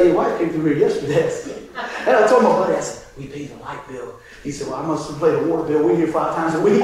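Male pastor, sermon storyteller, animated with shouts; very high voice, big echo. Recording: very echoey hall, distant mic, faint noise.

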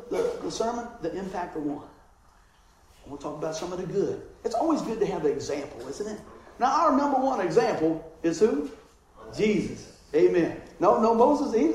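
A man preaching a lively, joking sermon and acting out voices. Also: sits high, a little hiss or hum. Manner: animated, joking, acts out voices. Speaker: pastor. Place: church hall. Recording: echoey church room, distant mic.

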